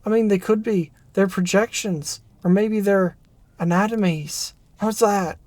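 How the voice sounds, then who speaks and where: A performer reading a narrative game aloud, voicing an excitable former research assistant who rambles and restarts mid-thought. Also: mid-range voice, measured pace, no echo, natural voice. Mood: animated. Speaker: game character voice.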